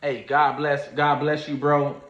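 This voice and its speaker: Animated man telling a story. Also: a little high, unhurried, a little hiss or hum. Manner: animated storyteller, acts out quoted voices, Southern US slang. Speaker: trading streamer. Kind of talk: casual livestream storytelling. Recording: echoey room, dull lo-fi sound.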